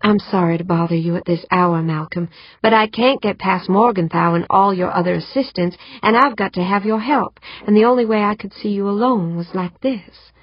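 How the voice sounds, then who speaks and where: Brief: woman narrator voicing a determined, worried young woman, husky tone, urgent, pleading. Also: mid-range voice, normal speed, no room sound, close to an everyday voice. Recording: dull muffled audiobook recording.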